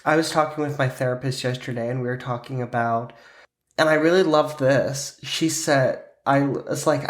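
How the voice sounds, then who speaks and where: A man's voice: medium pitch, fairly even intonation, moderate pace, reverberant. A man hosting a podcast with a sinus cold, chatting casually and joking with a lot of swearing. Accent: Pittsburgh. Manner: joking, profane, casual banter. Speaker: podcast host. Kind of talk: casual chat.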